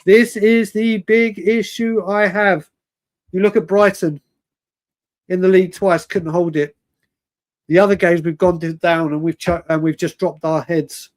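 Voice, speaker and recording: Casual male stream host, fairly high pitched, chatty and rambling. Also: steady tone, measured pace. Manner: chatty, rambling, laughs often, calls viewers mate and brother. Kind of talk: casual live-stream fan chat.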